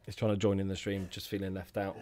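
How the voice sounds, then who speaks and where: A man's voice: sits low, monotone, fast, noisy background. A man hosting a casual live stream from home, jokey and rambling, humming filler sounds while he chats.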